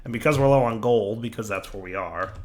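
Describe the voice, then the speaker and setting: A man's voice: on the low side, a little fast, darkish tone, slight background noise. A man hosting a gameplay series in casual commentary, his voice still slightly sick, chatting to viewers and to his machines. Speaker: let's play host.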